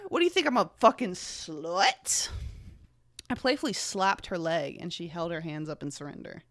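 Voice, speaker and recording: A woman's voice: lowish voice, lively intonation, moderate pace, a bit bright, no room sound, clean studio sound. Sarcastic young woman podcaster. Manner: sarcastic, swears a lot, laughs at herself. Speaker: podcast host. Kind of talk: reading her own fanfiction aloud with commentary.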